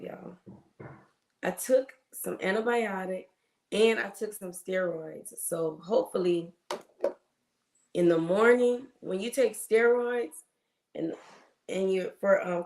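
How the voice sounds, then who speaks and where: A woman's voice: mid-range voice, darkish tone. A woman hosting a casual livestream as a nurse, chatting and greeting viewers by name, with a cough. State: has a cough. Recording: roomy echo.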